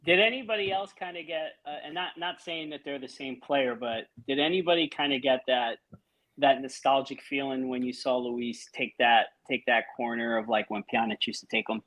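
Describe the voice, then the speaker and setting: A man's voice: mid-range voice, moderate pace, a bit bright, poor audio. A man co-hosting a casual football watch-along, rambling with many fillers and questions. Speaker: co-host of a football show.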